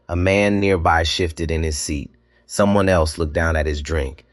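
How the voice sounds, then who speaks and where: A man narrating a dramatic scripted story, measured and slow, with deliberate pauses. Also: deep voice, steady tone, dry recording.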